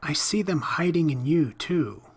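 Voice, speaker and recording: A man's voice: fairly high pitch, lively intonation, measured pace, husky, voice pushed up, full character voice. A man voicing an eerie young boy with shining eyes, rising to frightened screams.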